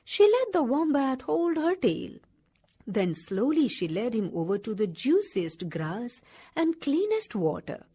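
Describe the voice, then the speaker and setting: Expressive woman reading a kids' story. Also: a little high, measured pace, slightly rough. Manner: expressive, sing-song storytelling. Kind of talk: children's story read aloud.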